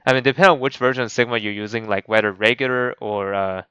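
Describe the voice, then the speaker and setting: A man's voice: fairly low pitch, quick pace, sharp tone, smooth, no echo, highs cut off. A man hosting a gaming channel, giving casual game commentary and rambling with many restarts and fillers. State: voice cracking.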